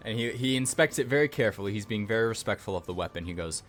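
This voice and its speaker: A man narrating as game master of a tabletop game, relaxed and chatty with frequent laughs. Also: fairly low pitch, racing, few pauses, faint music behind.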